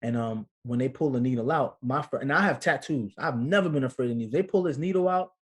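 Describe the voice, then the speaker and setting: A man in his thirties tells a story as a guest in a relaxed interview. His delivery is lively and casual, and he acts out the voices of the people in it. His pitch sits in the middle range for a man. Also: fast talker, husky. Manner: animated storyteller, acts out quotes. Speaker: guest, actor and father.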